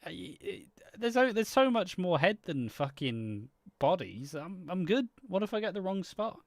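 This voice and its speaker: Young british guy rambling and cursing, bouncy pitch, dry close sound. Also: big pitch swings, moderate pace, gravelly, dry recording. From Britain. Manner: rambling storyteller, swears a lot. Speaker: co-host of a soap opera channel. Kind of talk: live stream casual chat.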